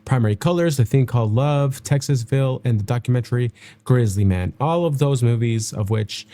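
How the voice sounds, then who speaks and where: A man's voice: medium pitch, a little fast, mellow. A young man hosting a reaction video, chatting casually and reading notes aloud, often stumbling over names and correcting himself.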